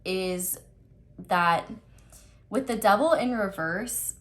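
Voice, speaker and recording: A woman's voice: mid-range voice, slow pace. Chatty young woman reading tarot. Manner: chatty, giggly, rambling asides. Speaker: tarot reader. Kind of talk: casual tarot card reading.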